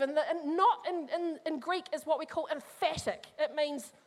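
Brief: a high-pitched, middle-aged woman preacher, lively and joking with her congregation. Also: normal speed, hardly any pauses. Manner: animated, humorous, addresses the congregation. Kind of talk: sermon.

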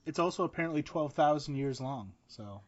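A young man cracking dry, sarcastic jokes in a casual chat. His voice is a bit high for a man, and the sound is slightly dull and lo-fi. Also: lively intonation, brisk.

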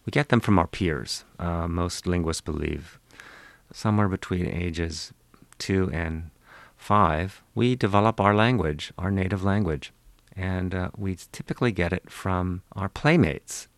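Man, Western Pennsylvania accent, very low voice; patient professor explaining to an interviewer, dry close mic. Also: dry recording. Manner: measured, lecturing, demonstrates speech sounds. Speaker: linguistics professor, interview guest. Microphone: studio microphone, close.

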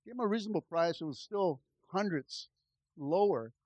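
Animated male pastor telling a story. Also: high-pitched, normal speed, no echo. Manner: animated, acts out dialogue in his story. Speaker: pastor starting a church. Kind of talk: storytelling testimony.

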